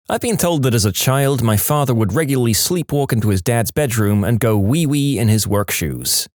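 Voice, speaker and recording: A man narrating submitted stories for a storytelling channel, with expressive, playful delivery. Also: medium pitch, normal speed, few pauses, dry recording, clean studio sound. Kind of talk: reading submitted stories aloud.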